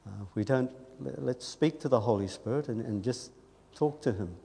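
A man preaching a sermon in a church, talking earnestly and conversationally, dropping to soft asides and rising on emphatic lines. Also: medium pitch, normal speed, gravelly, slightly rough, long reverb tail.

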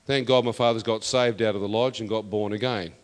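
New preacher in an echoing hall. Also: male voice, lowish voice, steady tone, a little fast. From New Zealand. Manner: emphatic, builds to loud declarations. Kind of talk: testimony sermon. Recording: long reverb of a hall.

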